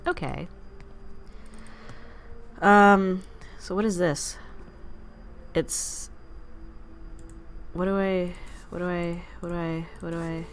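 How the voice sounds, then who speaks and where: A woman's voice: lowish voice, fairly even intonation, takes it slowly, pauses often, slight background noise. A woman hosting a gaming channel, chatting through let's play commentary in a rambling, distracted way and teasing the game's character. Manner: playfully teasing the game character.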